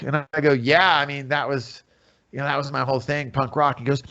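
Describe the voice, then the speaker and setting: Dull audio carries a slightly high, slightly fast male voice. Here a middle-aged musician and comedian from the USA trades stories casually on a podcast, animated throughout and imitating the people in his anecdotes.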